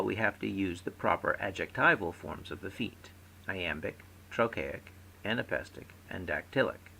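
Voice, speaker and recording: A man giving a recorded lecture, explaining terms clearly and stressing syllables in his example words. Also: sits low, sharp tone, rough recording.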